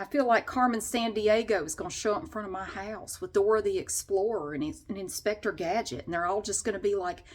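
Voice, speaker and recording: A woman telling a funny story as a rant to her vlog audience, exasperated and animated. She swings between loud outbursts and low muttered asides. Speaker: vlogger.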